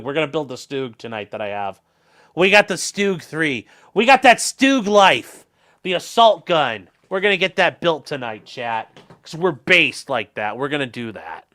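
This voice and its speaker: A man's voice: fairly high pitch, fairly bright tone. A man from Ohio with a Northern Ohio accent, hosting a casual livestream, reading chat messages and joking loosely with some swearing. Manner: loose and jokey, swearing freely, rambling asides. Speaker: livestream host.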